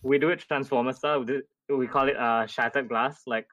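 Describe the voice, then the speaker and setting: A man's voice: mid-range voice, fairly even intonation, fairly quick, fairly bright tone, no echo. Wry joking podcast man, dry sound. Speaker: podcast co-host. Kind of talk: casual chat.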